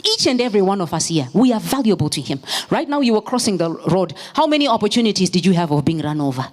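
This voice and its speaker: A woman preaching a sermon in church, moving from storytelling into fervent, shouted exhortation. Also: mid-range voice, very animated, fast talker. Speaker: pastor's wife preaching.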